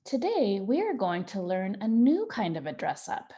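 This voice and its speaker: A patient, encouraging woman leads a children's writing lesson at a medium pitch. She speaks gently and slows down to stretch out each example sentence for young listeners. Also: huge pitch swings. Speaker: Montessori teacher.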